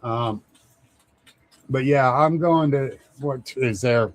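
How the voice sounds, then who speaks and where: A man's voice: mid-range voice, takes it slowly. A man hosting a casual live stream, rambling, chuckling often and greeting viewers by name. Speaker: livestream host.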